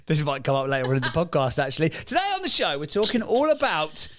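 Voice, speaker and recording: A man's voice: fairly high pitch, very animated, fast talker, a bit bright. A man co-hosting a podcast in casual, jokey chat, swearing freely. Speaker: podcast co-host.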